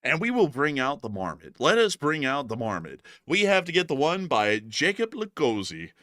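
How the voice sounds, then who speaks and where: Bright, lively man hosting a livestream. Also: a little high, moderate pace, dry recording, studio quality. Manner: rambling, many "like" fillers, laughs easily. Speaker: news livestream host. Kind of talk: casual livestream chat.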